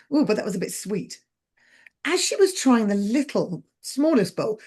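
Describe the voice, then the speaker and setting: A woman tells a story with a brisk, wry narration. Her voice is husky and sits at a middle pitch. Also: darkish tone. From England. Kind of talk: oral storytelling performance.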